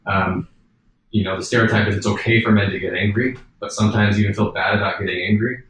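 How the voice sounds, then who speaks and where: A man's voice: on the low side, steady tone, fast talker, a bit bright. A man answering as a podcast guest, earnest and storytelling, laughing easily. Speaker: guest author. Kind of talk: conversational interview answers. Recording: roomy, distant mic with faint background noise.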